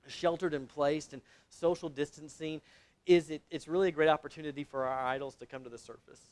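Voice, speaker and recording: A man preaching a sermon to young adults, telling the story in a casual, conversational way with sudden loud exclamations. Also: medium pitch.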